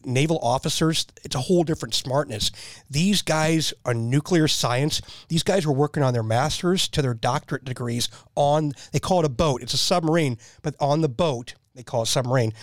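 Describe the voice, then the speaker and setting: A man with a slightly high voice rattles off animated anecdotes in an easy podcast chat, often laughing at his own jokes. The sound is close and dry, with no room in it. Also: no echo. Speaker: guest telling stories. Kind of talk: casual storytelling chat.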